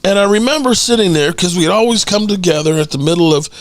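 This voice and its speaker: A middle-aged man hosting his own podcast, his voice a little higher than most men's. He tells a story in a loose, casual way, acting out what people said and swearing as he goes. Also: fast talker. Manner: animated storyteller, acts out quotes, swears casually. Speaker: podcast host.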